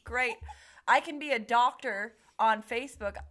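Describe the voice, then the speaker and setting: A woman making wry jokes and quick asides in casual podcast chat. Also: a little high, fairly bright tone.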